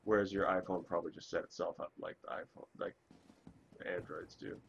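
A man streaming a game, chatting in a rambling, self-interrupting way while hoarse from a cold. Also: deep voice, steady tone, a little fast, highs cut off, slight background noise. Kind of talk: casual chat while gaming.

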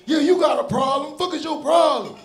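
A man's voice: extremely high pitch, fairly quick, soft background music, pitched above the performer's own voice. A man voicing a masculine young woman at a club who talks like a thirteen-year-old boy, brash and cursing as she picks a fight. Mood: hostile. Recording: echoey club with crowd noise.

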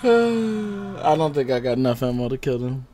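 A man streaming a game live, chatting casually with viewers in slang and swinging from low muttering to loud outbursts. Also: big pitch swings, moderate pace, faint music behind. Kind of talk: live gameplay commentary.

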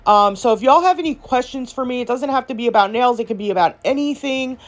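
A woman's voice: a little high, quick pace. A woman nail vlogger, gushing in a chatty casual product review full of fillers.

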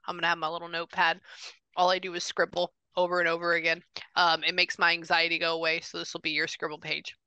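A woman working as a psychic medium, talking casually with a client over a video call, chatty, with quick restarts and repeated phrases. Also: lowish voice, sharp tone, clear, resonant tone, no echo. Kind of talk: casual reading session with a client.

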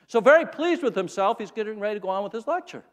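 A male pastor preaching a sermon, telling a story and swinging between loud and quiet passages. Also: sits high, animated, fast, big-room sound. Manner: storytelling, rising and falling in loudness. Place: church sanctuary.

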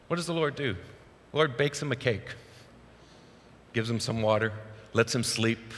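A male pastor preaching a sermon in a church, telling the Bible story in a lively way. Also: mid-range voice, unhurried, long pauses, slight background noise. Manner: animated storytelling, acts out Bible quotes. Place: church sanctuary. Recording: long reverb of a large church hall.

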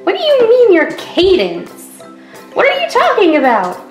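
A woman voicing a calm, clever young pony princess who talks patiently and reassuringly in a toy skit. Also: extremely high pitch, unhurried, heavily acted. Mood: puzzled. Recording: roomy echo, faint music.

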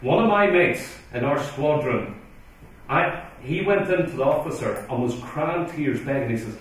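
A man's voice: mid-range voice, lively intonation, moderate pace. A middle-aged man preaching a conference sermon with emphatic, intense urgency in a large church hall. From Ireland. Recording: echoey hall recording from far off.

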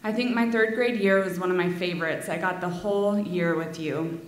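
A woman reading a heartfelt memorial tribute to her father, with soft laughs between lines, in a school auditorium. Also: on the low side, fairly even intonation, normal speed, slight background noise. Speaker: daughter giving a eulogy. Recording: echoey hall.

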